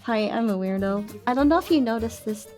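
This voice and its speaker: A woman's voice: fairly high pitch, a little mellow. A young woman streaming casual chat, bubbly and self-mocking, laughing often.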